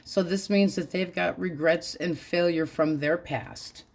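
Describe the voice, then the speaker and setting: A woman's voice: lowish voice, steady tone, unhurried, gravelly, darkish tone. A woman giving a casual tarot reading, talking bluntly and crudely in a frank, offhand way. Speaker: tarot reader.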